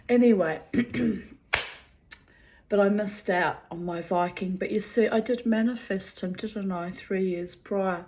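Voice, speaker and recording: Middle-aged woman telling a story off the cuff, blunt and sweary, lots of little asides, mid-pitched voice. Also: slow pace, darkish tone, a little hiss or hum. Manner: frank and profane, with chatty asides. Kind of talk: casual personal storytelling.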